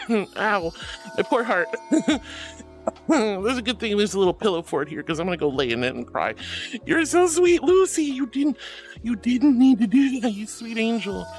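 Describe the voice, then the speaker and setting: A woman's voice: mid-range voice, animated, normal speed, soft background music. A woman live streamer chatting with her viewers, gushing, flustered and laughing often as she thanks them.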